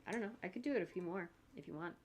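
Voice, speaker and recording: A woman's voice: lowish voice, expressive, racing, slight background noise. Woman animator thinking aloud. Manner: thinks aloud, rambling, chatty asides. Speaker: animator streaming her work. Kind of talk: casual livestream talk while working.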